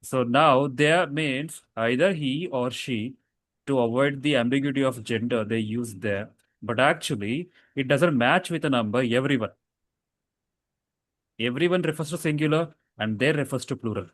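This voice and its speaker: A man's voice: mid-range voice, normal speed, fairly bright tone, dry recording. A man teaching a casual grammar lesson, explaining rules with fillers and self-corrections.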